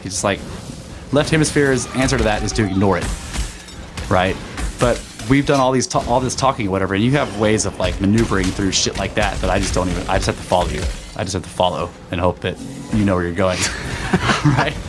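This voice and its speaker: Man, podcast co-host, casual chat, rambling, profane, laughing, lowish voice, music bed. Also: a little fast.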